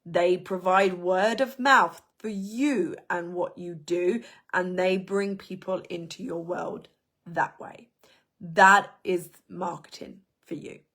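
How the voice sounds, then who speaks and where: A woman coaching a business workshop, talking in an animated, emphatic way and repeating words for emphasis. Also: lowish voice, takes it slowly. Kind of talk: teaching a workshop lesson.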